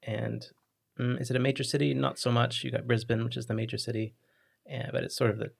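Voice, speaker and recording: A man hosting a podcast interview, speaking with a halting, thinking-aloud manner and a non-Australian accent. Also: medium pitch, level tone, vocal fry, husky. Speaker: podcast host. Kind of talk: interview chat.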